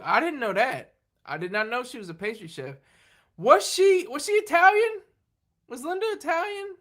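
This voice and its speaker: This livestream host has a high, pushed, bright voice. Answering viewers in loose, rambling conversation, he laughs frequently and pokes fun at himself.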